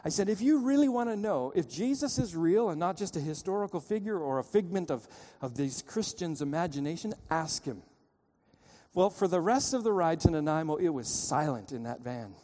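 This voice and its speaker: A man with a mellow, somewhat high voice preaches a sermon at a moderate pace, animated throughout. As a pastor, he narrates a story and begs his listeners with urgency, shifting sharply from loud to soft. His words echo with long reverb through the sanctuary.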